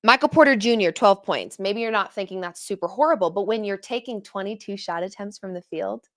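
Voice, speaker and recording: A young woman hosts a post-game sports reaction, speaking straight to her audience. Her voice sits at an ordinary middle pitch, and her delivery is animated and exasperated, full of sarcastic asides. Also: brisk. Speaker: sports show host.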